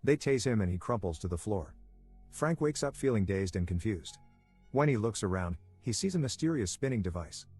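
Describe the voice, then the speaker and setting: Male narrator, lowish voice, wry delivery for scripted movie recaps over faint background music. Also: lively intonation, normal speed, a little mellow, slightly rough. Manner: dry, wry asides.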